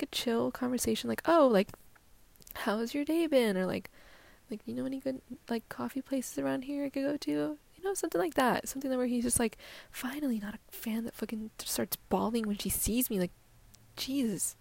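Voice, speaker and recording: Gravelly young woman rambling on her podcast. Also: on the high side. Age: young adult. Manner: rambling, heavy swearing, lots of "like" fillers; drops into near-whispers often. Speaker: podcast host. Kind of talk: casual solo podcast chat.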